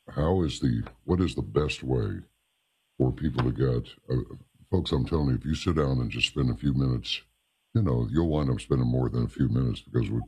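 Very deep dark raspy radio host. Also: male voice. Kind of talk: radio interview. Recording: dull lo-fi radio sound.

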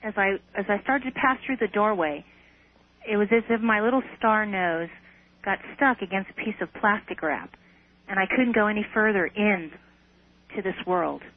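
Heard through a tinny radio phone connection, this woman speaks at a moderate pace in a medium-pitched voice. As an interview guest, she tells of a personal experience with earnestness and a few hesitant restarts.

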